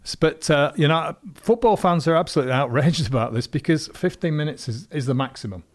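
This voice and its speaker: A man's voice: on the high side, lively intonation, a little fast. Chatty man co-hosting radio. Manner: chatty, laughs often, hesitant fillers. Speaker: radio co-host. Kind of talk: casual chat.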